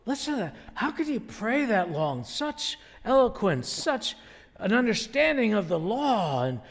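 A man's voice: sits high, very animated, measured pace, long reverb tail, heavily acted. A man playing an ordinary townsman who admires religious leaders, wistful and awed. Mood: admiring.

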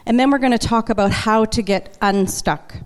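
A woman preaching a sermon to her congregation, chatty and emotional, slowing down to lean on key words. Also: on the high side. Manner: conversational and emotional, slows for emphasis. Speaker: worship leader preaching. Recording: long church hall reverb.

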